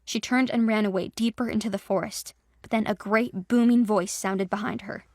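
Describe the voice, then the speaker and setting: Gravelly-voiced woman narrating an audio drama. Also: mid-range voice, steady tone, normal speed, no room sound, studio quality. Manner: dramatic storytelling.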